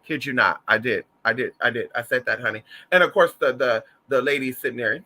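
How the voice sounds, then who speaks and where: A man from Southern Louisiana hosting a casual livestream, telling stories in an animated, campy, profane way while reading the chat. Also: medium pitch, a little fast, few pauses. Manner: animated, campy, profane, calls listeners y'all and honey.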